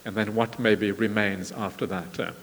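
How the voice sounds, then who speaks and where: A man's voice: lowish voice, fairly even intonation, normal speed, fairly bright tone, a little hiss or hum. Man teaching in a reverberant hall. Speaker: Buddhist meditation teacher. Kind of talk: retreat dharma talk. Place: large meditation hall. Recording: long reverb of a large hall.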